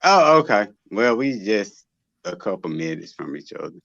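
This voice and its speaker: A man's voice: lowish voice, sing-song, normal speed, vocal fry, a bit bright, dry recording. A man from North Carolina calling in to a show, blunt, crude and rambling. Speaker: caller. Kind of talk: phone call-in. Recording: dull lo-fi phone line.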